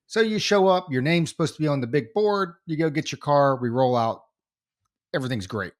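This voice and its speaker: A man co-hosting a podcast, telling a story in casual chat, animated and full of restarts. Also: fairly high pitch, fairly quick. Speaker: podcast co-host.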